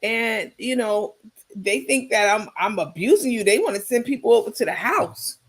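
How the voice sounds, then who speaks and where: A woman's voice: on the high side, lively intonation, husky. A woman putting on the voice of a bossy, scheming woman who coaches and pushes someone around. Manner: bossy, coaxing, fast-talking.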